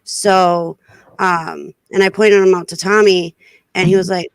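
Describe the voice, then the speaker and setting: A woman's voice: on the low side, flat delivery, measured pace, dry recording. A woman co-hosting a live chat show, telling a casual story with lots of fillers and restarts over a video call. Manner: rambling with many fillers and restarts. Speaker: co-host of a reselling live show.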